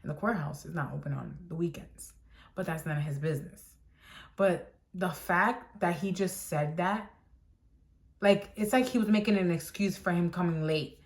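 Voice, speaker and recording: A woman's voice: lowish voice, moderate pace. A young woman vlogger telling a casual story, chatty and exasperated, acting out quoted dialogue as she goes. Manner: exasperated, with frequent "like" fillers.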